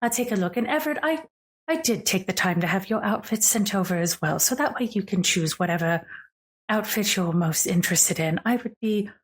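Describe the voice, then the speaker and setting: A woman's voice: mid-range voice, expressive, fairly quick, breathy edge. A woman voicing a glamorous, unsettling woman who speaks in a honeyed tone and calls everyone darling. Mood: sweet.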